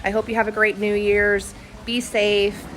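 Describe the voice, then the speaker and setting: A woman in her thirties, talking earnestly and haltingly with many pauses and fillers, close to tears. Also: medium pitch, level tone, fairly bright tone, slight background noise, rough recording. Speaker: vlogger. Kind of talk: casual reflective video to friends.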